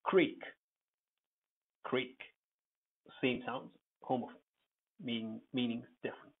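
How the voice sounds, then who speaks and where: Husky man teaching pronunciation, tinny sound. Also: mid-range voice, steady tone. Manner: repeats words slowly, spells out letters. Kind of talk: pronunciation lesson.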